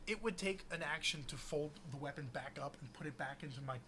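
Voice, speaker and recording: A young man recapping a tabletop game in casual chat, animated and laughing as he tells it. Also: on the high side, brisk, slight background noise. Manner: animated storytelling with frequent laughs and fillers.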